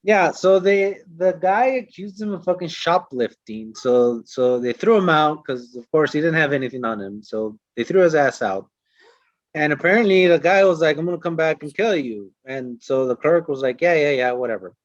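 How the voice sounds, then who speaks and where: A male podcast co-host with a slightly high voice tells stories in casual chat at normal speed. He's animated, swears constantly, and acts out what people said, all in a dull, dry, lo-fi recording with no room sound.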